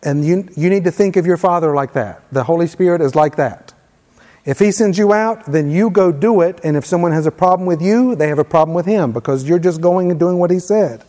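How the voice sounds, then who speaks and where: A man with a high, mellow voice preaching a sermon in a conversational way. He reads scripture aloud with emphasis, and his voice carries a long reverb from a large church hall. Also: brisk.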